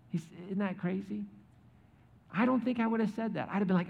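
A man's voice: high-pitched, lively intonation, fairly quick, creaky, mellow. A man preaching a sermon, retelling a scripture story with joking asides and acted-out quotes. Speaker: pastor. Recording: echoey hall, dull sound.

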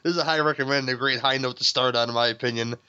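A man's voice: medium pitch, fairly even intonation, rapid-fire, sharp tone, smooth. Male podcast host, casual movie chat, laughs and curses a lot, slightly muffled lo-fi sound. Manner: laughing, swearing, rambling with restarts. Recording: dull lo-fi sound.

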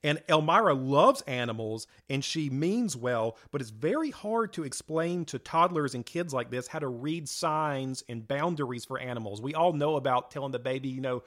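A man's voice: mid-range voice, expressive, moderate pace, few pauses, a bit bright. A man in his thirties co-hosting a casual chat, explaining his thoughts with lots of hedges and fillers. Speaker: podcast co-host.

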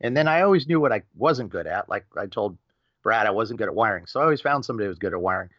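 As a podcast guest, a middle-aged man tells a racing story with lively energy, acting out quoted voices and swearing casually. His lowish voice races along, recorded lo-fi with no room sound.

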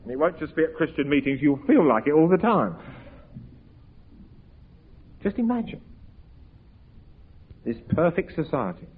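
Husky preacher on a tinny recording. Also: male voice, a little high, big pitch swings, a little slow, pauses often. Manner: earnest, pleading, rising to emphatic peaks. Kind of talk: evangelistic sermon.

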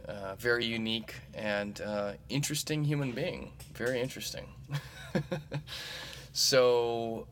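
A man's voice: on the low side, fairly bright tone, slight background noise. A man in his thirties hosting a comedy podcast, talking in a meandering, jokey way with lots of fillers. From Missouri. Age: 30s. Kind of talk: casual rambling monologue.

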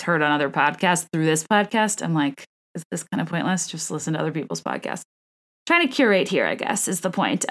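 A woman hosting a solo podcast, chatting about celebrity gossip in a rambling way with many asides. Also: lowish voice. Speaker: podcast host.

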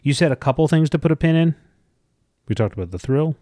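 A man's voice: a little high, animated, fast, mellow, no echo, clean studio sound. A man co-hosting a podcast, chatting about a book in an easygoing, agreeable way. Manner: easygoing, agreeable, frequent "yeah". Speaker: podcast co-host. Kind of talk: casual book discussion.

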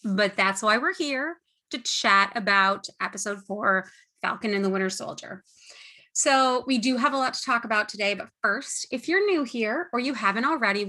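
A woman's voice: fairly high pitch, sharp tone. A woman co-hosting a casual podcast, talking in a bubbly, enthusiastic way. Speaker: podcast co-host.

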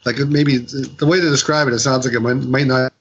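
A man in mid pitch chatting casually as a podcast co-host. He recaps a story in a loose, rambling way, with plenty of fillers and restarts. He slips into lively little voices when quoting people. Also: brisk, breathy edge, muffled recording. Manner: rambling retelling full of fillers and quoted dialogue. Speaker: podcast co-host reviewing comics. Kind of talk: casual chat.

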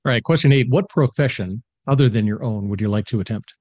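A male podcast host asks his questions briskly, with quick short affirmations. His voice is husky and a little breathy, and it sounds dry and close to the mic. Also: medium pitch, darkish tone, no room sound, muffled recording. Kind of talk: interview questions.

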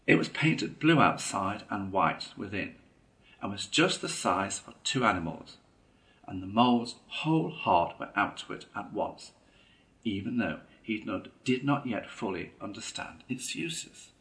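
A man reading a classic children's story aloud in a measured, expressive way. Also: fairly low pitch. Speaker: narrator.

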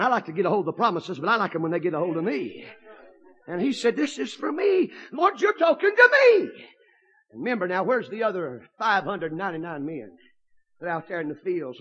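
A man preaching a fiery storytelling sermon, bursting into shouts and exclamations. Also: sits high, highs cut off.

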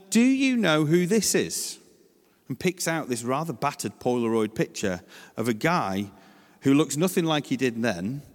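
A man from England giving a chatty, story-driven church talk, acting out the voices in his anecdotes and adding lively asides. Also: mid-range voice, long reverb tail.

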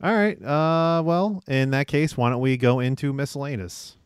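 A man's voice: medium pitch, moderate pace, smooth, dry recording, studio quality. A man hosting a casual podcast, often hesitating with fillers and chuckling while he reads stories. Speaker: podcast host.

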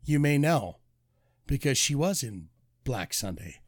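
Man, podcast host, crude rambling jokes, lively pitch, dry mic. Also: a little slow, dry recording. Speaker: podcast co-host running a movie trivia quiz. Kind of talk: casual podcast chat.

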